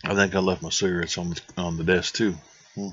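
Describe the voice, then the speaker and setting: A man voicing a world-weary, cynical male detective in a low, deadpan way. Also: brisk, slightly rough, dry recording. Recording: dull dry lo-fi mic.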